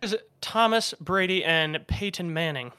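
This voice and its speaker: A man's voice: high voice, normal speed, bright, forceful tone, smooth. A man co-hosting a podcast, playing a trivia game with cocky, joking banter and swearing. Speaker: podcast co-host, trivia contestant. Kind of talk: casual banter.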